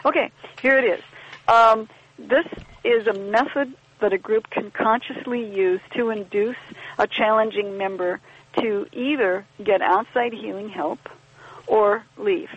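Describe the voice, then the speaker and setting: Gravelly, husky woman on a podcast. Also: medium pitch, measured pace. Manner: thoughtful, wry, acts out little quoted exchanges. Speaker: podcast guest explaining community living. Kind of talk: conversational explanation. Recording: dull lo-fi podcast audio.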